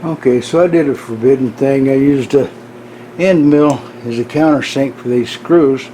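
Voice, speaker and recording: A man casually narrating machining work in his workshop, folksy and relaxed, ending with a told joke. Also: mid-range voice, normal speed, slight background noise, rough recording.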